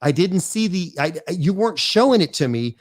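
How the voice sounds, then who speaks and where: A man in his fifties, a guest on an interview show, telling stories in an animated, rambling way full of false starts and restarts. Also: high-pitched, normal speed. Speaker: guest, real estate investor. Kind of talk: casual storytelling interview.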